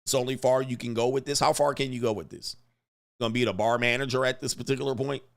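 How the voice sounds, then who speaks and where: A man's voice: medium pitch, steady tone, fast, creaky. A man hosting casual commentary, brash and slangy, chuckling often and hammering his punchlines. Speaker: commentary host.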